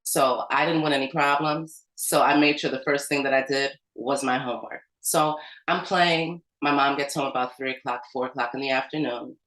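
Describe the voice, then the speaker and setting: With a rumbling low, slightly bright voice and fairly even intonation, a woman from the United States shares a personal story at an organizing meeting. She talks at a moderate pace with hardly any pauses, loosely, using "like" and "um" often; the rough recording has a roomy sound.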